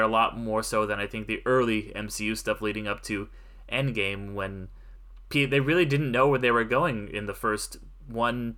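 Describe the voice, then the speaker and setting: A man co-hosting a podcast, chatting casually with relaxed enthusiasm and some swearing. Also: fairly low pitch. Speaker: podcast co-host. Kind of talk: casual chat.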